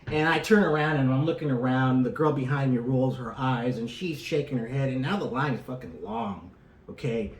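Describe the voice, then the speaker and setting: A man's voice: mid-range voice, moderate pace. Profane storytelling man, roomy echo. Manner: profane, animated, acts out the people in his story. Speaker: podcast co-host. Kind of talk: casual storytelling.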